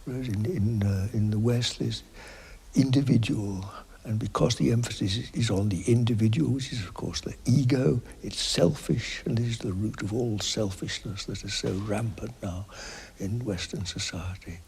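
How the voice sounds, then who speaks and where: An older man giving an unhurried spiritual interview, speaking softly and often dropping to a near whisper, reflective and halting with many pauses and fillers. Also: on the low side, gravelly, a little hiss or hum. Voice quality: soft, partly whispered, halting.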